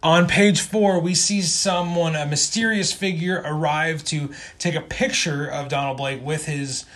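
Brief: male co-host with a fairly high voice, relaxed, rambling comic recap. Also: unhurried. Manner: rambling, many ums and restarts. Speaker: podcast co-host. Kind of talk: casual comic book recap.

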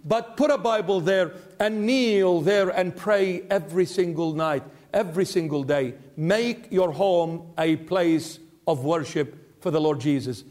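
A man preaching a sermon in church as a bishop, earnest and pleading, slowing down to stress his words. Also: high-pitched, a little mellow. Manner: earnest, pleading, slows down for emphasis.

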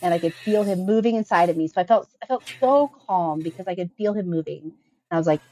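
A woman's voice: lowish voice, quick pace, mellow, poor audio. A woman in her thirties, a podcast guest, telling a personal story in a chatty, earnest way with frequent filler words.

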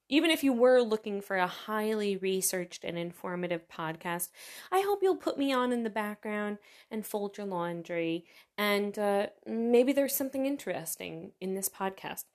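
A woman's voice: fairly high pitch, expressive, unhurried, darkish tone. Chatty woman hosting a rambling podcast. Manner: rambling, chatty, self-deprecating. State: tired from little sleep. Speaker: podcast host. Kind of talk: casual solo podcast chat.

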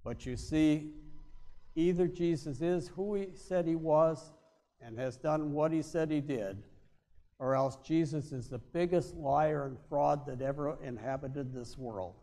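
A male pastor preaching a sermon, with emphatic stresses that drop to quiet, low endings. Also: measured pace. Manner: emphatic, swings between loud stresses and quiet drops.

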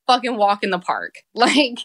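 A woman's voice: on the high side, fairly bright tone. A woman co-hosting a podcast, chatting casually, filling her talk with "like" and swearing freely. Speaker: podcast co-host. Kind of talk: casual chat. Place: at home, apart from co-host.

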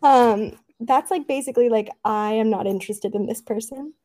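Chatty young woman with a mellow voice. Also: on the high side, normal speed. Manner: chatty, laughs often, many "like" fillers. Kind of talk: casual chat.

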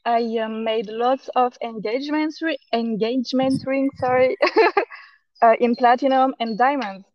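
A woman's voice: fairly high pitch, fairly even intonation, unhurried, dry recording, lo-fi sound. French-accented woman in a park. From France. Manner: hesitant, searching for words with restarts. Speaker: guest, jeweler. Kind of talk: casual interview answers. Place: outdoors in a park. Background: birdsong.

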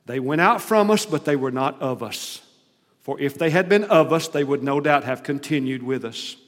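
Emphatic preacher in an echoing hall. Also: male voice, mid-range voice. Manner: dramatic storytelling, voice rising to emphatic peaks. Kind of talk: sermon. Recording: long hall reverb.

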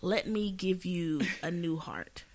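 Earnest woman, slightly low voice. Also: slow pace, a little mellow. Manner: earnest, preachy, stumbles on restarts. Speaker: podcast co-host. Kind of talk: casual faith talk.

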